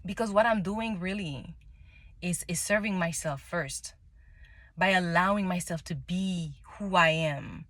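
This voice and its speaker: A woman's voice: fairly low pitch, unhurried, fairly bright tone, no room sound. Candid woman telling a personal story. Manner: candid and emotional, many restarts and laughs. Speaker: tarot reader sharing a personal story. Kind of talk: casual spoken monologue.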